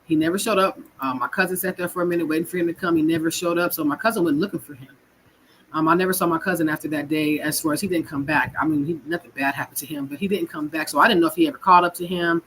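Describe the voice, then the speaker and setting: A deep, steady, a bit bright female voice talks fast on a rough recording with a little hiss or hum. The California woman is a guest telling her personal story, raw and frank and emotional, swearing and repeating her words.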